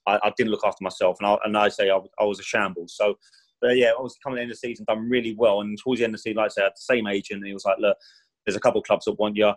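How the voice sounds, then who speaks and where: A former footballer talks through his career as a podcast guest, racing along in a lowish voice with fairly even intonation. Rambling and chatty, he keeps tossing in "do you know what I mean" and acts out quoted speech loudly. The recording is low quality.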